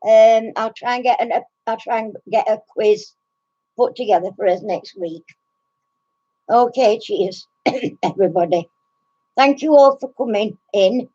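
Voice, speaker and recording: Breathless giggly lady in her 60s, kinda high voice, chatty on a lo-fi stream. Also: unhurried, pauses often, mellow. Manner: giggly, chatty, greets viewers by name. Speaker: craft channel host. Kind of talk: casual live stream chat with viewers.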